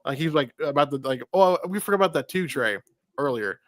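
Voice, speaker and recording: A man's voice: a little high, animated, brisk, no room sound. Rambling man with a dry close sound. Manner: rambling plot retelling with filler words. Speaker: podcast co-host. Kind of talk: casual movie review chat.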